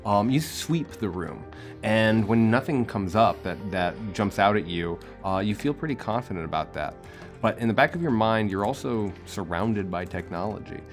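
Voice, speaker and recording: A young man narrating as game master, halting with many fillers and restarts. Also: on the low side, lively intonation, soft background music.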